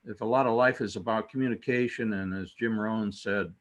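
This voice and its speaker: A man's voice: fairly low pitch, steady tone, a little fast. Folksy rambling man asking a question. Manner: rambling, folksy storyteller with hesitations. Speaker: caller. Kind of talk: casual question with a joke.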